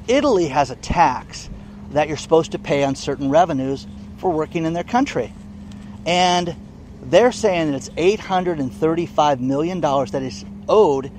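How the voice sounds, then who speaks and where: A man's voice: on the high side, a little mellow, a little hiss or hum. Indignant man in a news vlog. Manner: indignant, emphatic, keeps asking "okay?". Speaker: online commentator. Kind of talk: casual news commentary vlog.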